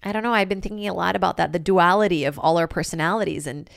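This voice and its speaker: A podcast host in her thirties tells comedic stories casually, her voice low-ish, gravelly and quick. She's animated and profane, packing in lots of "like" and other fillers, recorded in a clean studio with no room sound.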